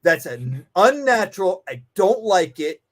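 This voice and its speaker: A man's voice: high-pitched, very animated, unhurried, heavily acted. A man voicing a wary, untrained dog that is unsure whether to run or bite, speaking in a hesitant, puzzled inner voice.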